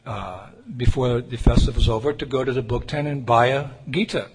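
A man's voice: medium pitch, moderate pace. A man preaching a sermon, telling a personal story in an earnest, conversational way. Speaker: Hare Krishna preacher. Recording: reverberant hall with faint noise.

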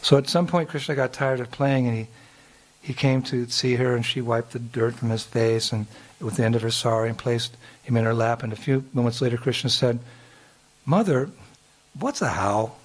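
A man's voice: mid-range voice, level tone, moderate pace. A man telling a devotional story, chuckling often and restarting his sentences. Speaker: spiritual storyteller.

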